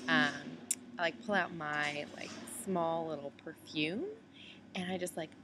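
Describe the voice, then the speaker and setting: A woman's voice: low voice, fairly even intonation, measured pace, noisy background. A woman from the United States recording a casual video message to a friend from an airport layover, chatty and full of "like" and "um". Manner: chatty, heavy use of "like" and "um". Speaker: traveler on a layover.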